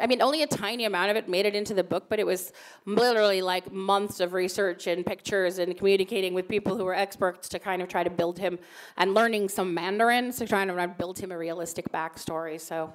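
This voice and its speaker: A woman in her thirties answering fan questions on stage, chatty, with lots of fillers and laughter. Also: mid-range voice. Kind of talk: casual Q&A on stage.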